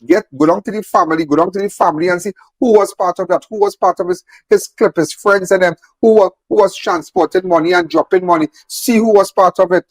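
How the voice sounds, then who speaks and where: A man with a voice that sits high speaks a little fast, barely pausing, in an impassioned on-camera talk. He's emphatic, repeating phrases and firing off rhetorical questions, with no echo in the recording.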